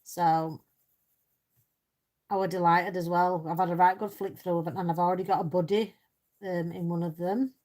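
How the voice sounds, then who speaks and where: Woman hosting a cosy live stream, slightly low voice, relaxed and chatty. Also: normal speed, long pauses. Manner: chatty, reads out and answers viewers' comments; self-deprecating, laughs easily. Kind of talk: casual chat while colouring.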